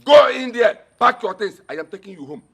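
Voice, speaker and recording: A man's voice: extremely high pitch, very animated, fairly quick, a bit bright, slightly rough, heavily acted. An actor playing a scornful, pushy man who mocks and dismisses her. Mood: taunting. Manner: sneering, dismissive. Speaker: relative come to take her home. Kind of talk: film drama acting.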